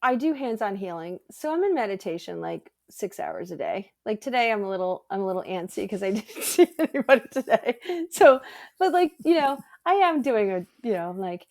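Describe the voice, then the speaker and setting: A middle-aged woman chatting as an energy healer guest. She tells her stories with animation, jumping up in pitch when she quotes herself and others. Her talk is loose and casual, full of fillers. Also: a little fast. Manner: animated, acts out quotes in a higher voice. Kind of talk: casual storytelling chat.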